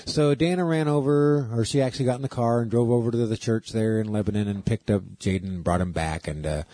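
A man's voice: medium pitch, quick pace, no echo. A man co-hosting a radio talk show, chatting casually and acting out voices as he tells stories. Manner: animated storyteller, acts out voices. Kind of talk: casual chat.

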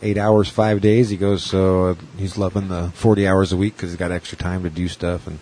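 A man with a low, husky voice rambles through stories in a relaxed chat. He jumps into the voices of the people he quotes and laughs at his own tales. It sounds like friends talking. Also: a little fast. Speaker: stand-up comedian. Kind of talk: casual chat.

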